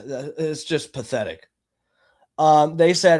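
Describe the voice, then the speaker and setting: A man's voice: on the high side, slow, pauses often, a little mellow. A man hosting a live stream, giving profane, mocking, agitated commentary. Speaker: streamer host.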